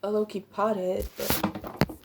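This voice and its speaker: A young woman does a casual tarot reading into her camera at home. Her voice has a gravelly, creaky edge and sits at an ordinary pitch. She rambles, piles on fillers and keeps breaking off to apologize. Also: little pitch movement, takes it slowly. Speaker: tarot reader.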